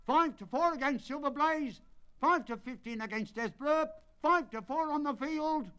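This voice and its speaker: A man's voice: extremely high pitch, normal speed, pitched above the performer's own voice. A man reading a storybook aloud and voicing racecourse bookmakers roaring out the odds. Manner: roaring, shouted calls. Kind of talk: dramatic audiobook reading.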